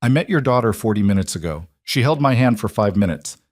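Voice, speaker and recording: A man's voice: lowish voice, animated, quick pace, no room sound, studio quality, lightly acted. A man voicing a guarded, shaken young woman who breaks off and restarts her sentences. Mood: strained.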